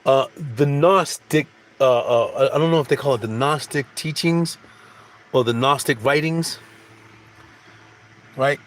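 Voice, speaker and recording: A man's voice: mid-range voice, unhurried, pauses often. A man giving a casual, rambling spiritual monologue, repeating phrases and restarting sentences. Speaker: spiritual speaker.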